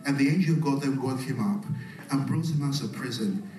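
A man preaching a sermon, calling out to the congregation and swinging between loud, rising passages and soft, quiet ones. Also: medium pitch, brisk, soft background music. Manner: call-and-response preaching, swelling loud then dropping soft. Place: church. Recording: echoey church hall, mic at a distance.

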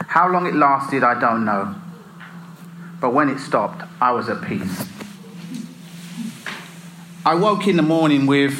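A man narrating a personal religious testimony in a slow, earnest, deliberate way. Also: mid-range voice, animated, sharp tone, slight background noise. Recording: echoey room, faint ambience.

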